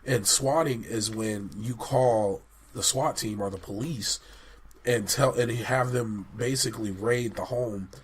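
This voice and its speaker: A man's voice: medium pitch, a little slow, slightly rough. A man co-hosting a podcast in casual chat, stuffy and congested, laid-back and repeating himself for emphasis. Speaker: podcast co-host.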